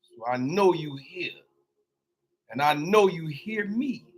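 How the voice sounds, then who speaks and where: A man's voice: on the high side, expressive. A man hosting a preachy motivational talk, repeating his lines and calling out to listeners between points. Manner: repeats lines, call-and-response asides; drawn-out exclamations. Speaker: motivational host.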